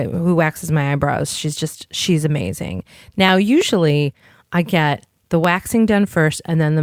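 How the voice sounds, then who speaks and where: A woman's voice: low voice, clear, resonant tone, no echo, clean studio sound. A woman co-hosting a podcast, telling a long candid story in casual chat and swearing offhandedly. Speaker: podcast co-host.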